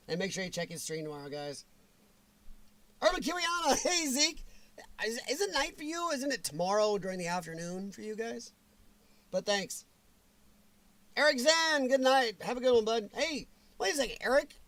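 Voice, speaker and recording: A livestream host with a high, slightly bright voice chats casually, greeting viewers by name and laughing often. His voice sounds strained and weakened, and the recording is dry.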